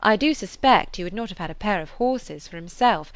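A woman reading as a kindly middle-aged woman who speaks in a measured, gently persuasive way. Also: mid-range voice, expressive, no room sound, lightly acted. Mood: chatty. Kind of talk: audiobook character reading.

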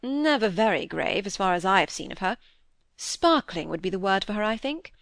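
Woman reading as a gallant, probing bachelor gentleman. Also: mid-range voice, very animated, normal speed, vocal fry, no room sound, clean studio sound. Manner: courteous, probing. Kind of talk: audiobook character reading.

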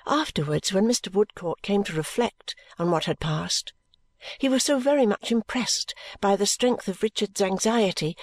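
A woman narrating a novel in a measured, steady storytelling manner. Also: mid-range voice, no room sound. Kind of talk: scripted narration.

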